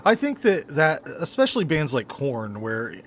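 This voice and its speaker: A man's voice: a little high, wildly swooping pitch, normal speed, slight background noise. A middle-aged man co-hosting a podcast from his bedroom, laid-back and swearing, with hesitant restarts. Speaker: podcast co-host. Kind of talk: casual chat. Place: bedroom at home.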